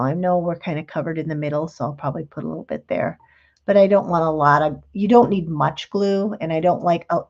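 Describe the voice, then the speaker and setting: A woman's voice: lowish voice, vocal fry, a little mellow, lo-fi sound. A middle-aged woman hosting a live craft demonstration, chatting in a homey, explanatory way. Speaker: craft show host.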